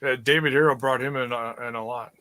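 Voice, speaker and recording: A man's voice: medium pitch, fairly even intonation, quick pace, sharp tone, no room sound. A man on a wrestling podcast, chiming in with brief remarks during casual chat. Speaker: podcast co-host.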